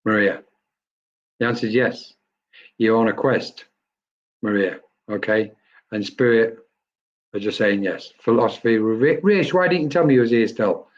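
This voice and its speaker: A man's voice: on the low side, normal speed, long pauses. A man, a medium, giving chatty spirit readings on a live stream and addressing viewers by name. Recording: dull lo-fi stream audio.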